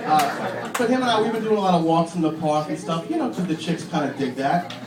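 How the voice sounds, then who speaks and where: Fairly high-voiced male stand-up comic in his thirties, deadpan and crude, recorded from afar. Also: brisk, a crowd in the background. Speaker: stand-up comedian. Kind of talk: stand-up comedy set. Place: comedy club. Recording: echoey club from far off. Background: audience laughter and room noise.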